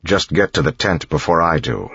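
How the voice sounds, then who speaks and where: A man's voice: deep voice, moderate pace, fairly bright tone, breathy edge, dry recording, muffled recording. A man voicing a resolute young male nobleman who speaks firmly and in command. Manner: firm, commanding. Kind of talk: audiobook character voice.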